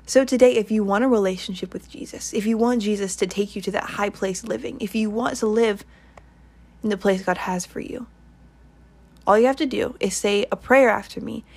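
A woman with a darkish tone and a mid-range voice addresses her online followers at a moderate pace. Earnest and relaxed, she keeps returning to the same ideas in a repetitive, wandering exhortation and guides everyone through a prayer.

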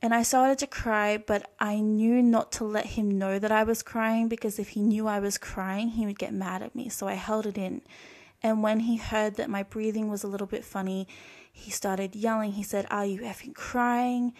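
A woman's voice: medium pitch, little pitch movement, normal speed, darkish tone. Young Australian woman, confessional storytime host, earnest and reflective, mid-range voice. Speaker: podcast host.

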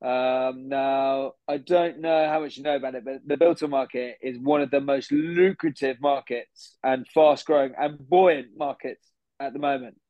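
A man's voice: medium pitch, steady tone, moderate pace, no room sound, dull audio, close to an everyday voice. A man playing a pompous young bro who boasts and rambles, in an improvised comedy podcast. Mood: boastful. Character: smug posh young City bro, boastful gym fanatic. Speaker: podcast guest.

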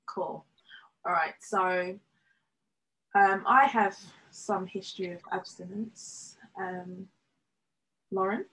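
A woman's voice: mid-range voice, steady tone, takes it slowly, pauses often, fairly bright tone, low-quality recording. A woman with an English accent hosting a casual podcast, talking in an easygoing way with hesitant fillers. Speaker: podcast host.

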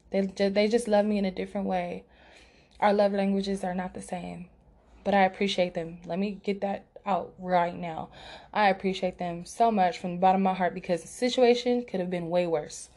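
A woman's voice: mid-range voice, steady tone, moderate pace, a little mellow. A young woman hosting a podcast, telling a personal story candidly and emotionally, with many fillers and restarts, in a room away from her usual setup. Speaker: podcast host. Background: outside noise through an open window.

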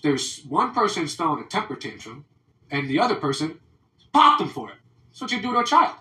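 An American man hosting a podcast, ranting loudly and profanely in casual talk, mimicking people in mocking voices. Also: a little high, big pitch swings, a little fast. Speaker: podcast host. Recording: roomy, mic at a distance.

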